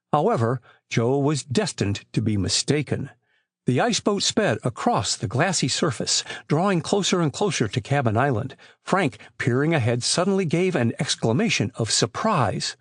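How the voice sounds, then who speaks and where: A man narrating a classic boys' adventure audiobook in a measured, expressive storytelling voice. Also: mid-range voice, husky, dry recording, clean studio sound. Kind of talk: scripted narration.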